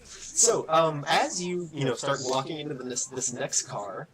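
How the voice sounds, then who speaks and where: A man's voice: on the high side, measured pace. Guy gm narrating a tabletop game, lots of ums, big crowd noise behind. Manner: loose, filler-heavy narration. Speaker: game master.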